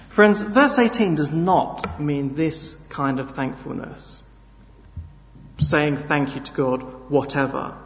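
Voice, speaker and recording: A man's voice: on the high side, in a large hall, lo-fi sound. A man preaching a sermon, earnest and emphatic, leaning hard on key words. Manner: earnest, emphatic, slow with sudden stresses.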